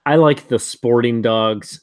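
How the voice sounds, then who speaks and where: A man's voice: mid-range voice, slow pace, clear, resonant tone, no echo. A man co-hosting a casual podcast, blunt and stammering with restarts. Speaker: podcast co-host, a father. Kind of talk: casual chat.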